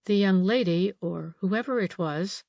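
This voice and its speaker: A woman's voice: mid-range voice, measured pace, gravelly, a little mellow, dry recording, studio quality. A woman voicing a frightened middle-aged female housekeeper in an audiobook, anxious and eager to please. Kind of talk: audiobook character reading.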